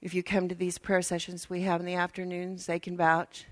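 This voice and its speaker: A woman's voice: lowish voice, monotone, fairly quick. An older woman minister, preaching a chatty, folksy sermon with asides to her congregation.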